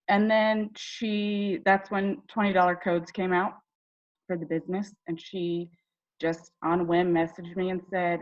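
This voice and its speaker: A woman's voice: lowish voice, little pitch movement, a little slow. Woman from ohio, emotional, lots of ums, kinda dull lo-fi audio. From Ohio, United States. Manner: tearful, chatty, full of fillers. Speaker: direct sales team member. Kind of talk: emotional personal story on a team call.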